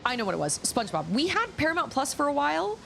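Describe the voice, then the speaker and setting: A woman's voice: high voice, sing-song, fast, gravelly, a bit bright, a little hiss or hum. A woman in her thirties streaming a video game, chatting casually and rambling from one thought to the next. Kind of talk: casual chat while gaming.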